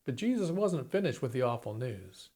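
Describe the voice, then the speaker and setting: A man's voice: medium pitch, very animated, moderate pace, warm tone. A man preaching a sermon, retelling a story dramatically and acting out the quoted lines. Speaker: pastor.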